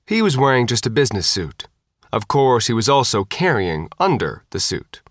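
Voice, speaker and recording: A man reads an audiobook with a lively, expressive rise and fall, shifting his voice for each character. The sound is close and dry, with no room echo, so each line comes through plainly. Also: medium pitch, normal speed. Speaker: audiobook narrator. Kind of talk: audiobook narration.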